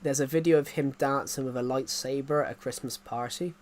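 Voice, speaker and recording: A man's voice: mid-range voice, steady tone, a little fast. A man, chatting casually on a game live stream, rambling and repeating himself with frequent chuckles.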